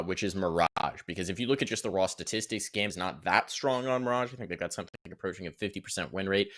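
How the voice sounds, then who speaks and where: A man casting an esports match, giving energetic pre-match commentary that keeps building on his own phrases. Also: on the low side. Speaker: esports caster.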